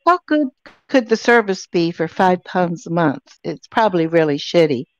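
A woman's voice: fairly low pitch, expressive, moderate pace, no room sound. A woman prank-calling back a phone scammer, blunt and mocking, hurling insults at him. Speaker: scambaiter. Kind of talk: prank call. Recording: dull dry phone-call audio.

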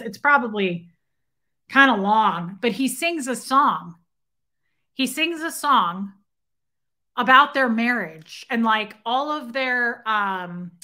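Woman livestreamer, bright voice, slightly high pitch, blunt and animated, greets chat. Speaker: livestream host. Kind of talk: casual livestream storytelling.

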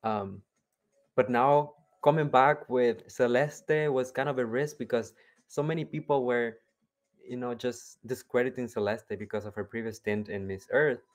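A man giving excited, rambling reaction commentary on a pageant. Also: mid-range voice, moderate pace. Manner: animated, rambling, fond of "you know".

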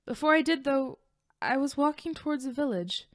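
A woman's voice: high voice, lively intonation, normal speed, no echo. Brief: woman as troubled young warrior, earnest, dry close mic. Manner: earnest, uncertain confiding. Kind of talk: audiobook voice acting.

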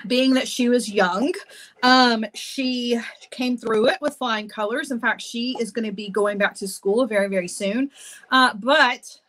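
Woman, 40s, bubbly and rambling, laughs a lot, a bit high-pitched, live-stream chat from a home office. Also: fairly bright tone. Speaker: jewelry-making livestream host. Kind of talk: chatty live-stream talk.

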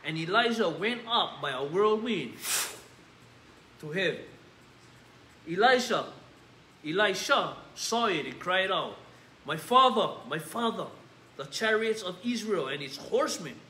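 A man's voice: high-pitched, animated, unhurried, pushed and bright, echoey room, a little hiss or hum. A man with a Hawaiian Pidgin-tinged accent preaching casually and reading scripture, tossing in "yeah?" and "bro". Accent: Hawaiian Pidgin-tinged English. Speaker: pastor. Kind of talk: informal sermon with scripture reading. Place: church sanctuary.

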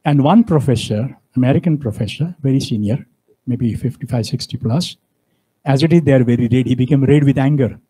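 A man delivers a university lecture. His voice is mellow and husky, and he presses his points hard, stopping often to ask the audience rhetorical questions. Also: mid-range voice, fairly quick, low-quality recording. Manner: emphatic, preachy, fond of rhetorical questions. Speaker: guest speaker.

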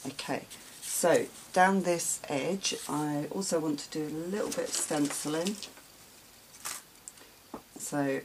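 A woman hosting a real-time craft tutorial, talking quietly to herself as she works. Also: low voice, background noise. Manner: unhurried, talks while working, quiet asides.

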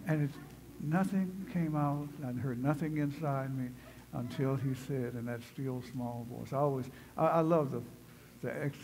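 A man's voice: medium pitch, a little slow, vocal fry, a little mellow, a little hiss or hum, rough recording. A man preaching a sermon in a church. He tells his story conversationally and builds to fervent, emphatic preaching. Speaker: pastor. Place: church sanctuary.

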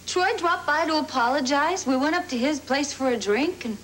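A woman's voice: sits high, expressive, normal speed, a bit bright, a little hiss or hum, poor audio. An actress playing a former womanizer reborn as a frightened young woman, pleading and tearful by turns with wry jokes, in 1980s sitcom style. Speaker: sitcom lead. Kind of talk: 1980s television sitcom acting.

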